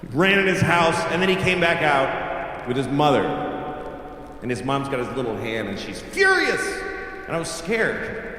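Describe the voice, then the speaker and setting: A man's voice: a little high, normal speed, fairly bright tone. A man in his late forties doing stand-up, telling a blunt, profane childhood story in a conversational way to a live room. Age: late 40s. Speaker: stand-up comedian. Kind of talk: stand-up comedy. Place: live comedy theater. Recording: echoey hall with faint ambience.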